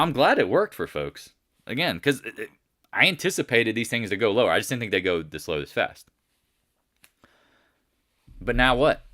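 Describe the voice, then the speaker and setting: Watching prices shift, a middle-aged host of live market commentary thinks out loud, lively and full of rhetorical questions. He has a mid-range voice, captured in a dry, clean studio recording.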